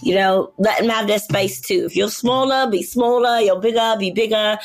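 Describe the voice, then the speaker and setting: A woman's voice: medium pitch, normal speed, faint music behind. A woman with a Brooklyn accent chatting casually, rambling loosely with lots of fillers and laughs. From Brooklyn, New York. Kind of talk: casual chat.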